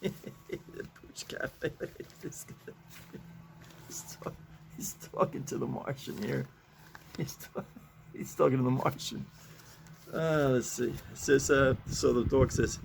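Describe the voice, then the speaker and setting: A man's voice: medium pitch, slow pace, vocal fry, long pauses, slight background noise. A man in his seventies reading comic strips aloud in a casual, rambling way, chuckling often and restarting his sentences. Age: 70s. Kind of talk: casual chat.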